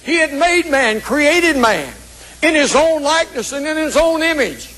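A man's voice: very high-pitched, expressive, measured pace, sharp tone, rough recording. A man preaching a sermon, telling a story in a rhythmic preaching cadence.

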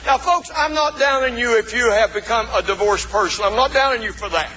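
High-voiced preacher in a reverberant church. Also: male voice, a little fast. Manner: folksy preaching with shouted emphasis and calls to the congregation. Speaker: pastor. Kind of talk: sermon. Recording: long reverb of a church hall.

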